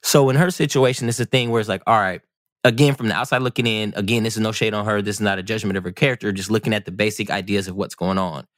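A man with a slightly low voice talks through a casual podcast conversation. He is animated and rambling, full of restarts and fillers, and his voice sits dry and close to the mic. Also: fast talker, dry recording. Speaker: podcast co-host.

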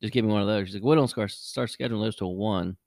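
A middle-aged man hosting a podcast, telling a casual story and jumping his voice up high when he acts out what people said. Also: fast talker, gravelly, dry recording, clean studio sound. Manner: animated, jumps high when acting out quotes. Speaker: podcast host.

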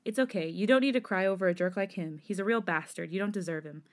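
A woman voicing a gentle young man who comforts a friend in a podcast fanfic reading. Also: mid-range voice, fast talker, close to an everyday voice. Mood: reassuring. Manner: gentle, reassuring.

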